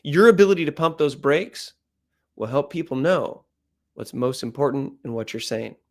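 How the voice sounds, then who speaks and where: A man giving an energetic talk on pitching, loud and animated, deliberately shifting his speed, volume and pitch to make points. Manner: animated, plays with speed, loudness and pitch for emphasis. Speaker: speaker coaching on pitching. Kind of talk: energetic presentation coaching.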